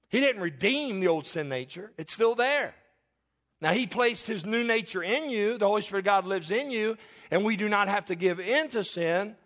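Animated middle-aged male preacher. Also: sits high. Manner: animated, conversational preaching with rhetorical questions; confessional, candid storytelling. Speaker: pastor. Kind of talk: sermon.

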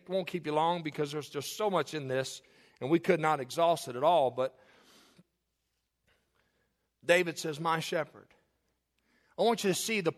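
Male preacher, high-pitched voice, impassioned sermon, repeats lines for emphasis.

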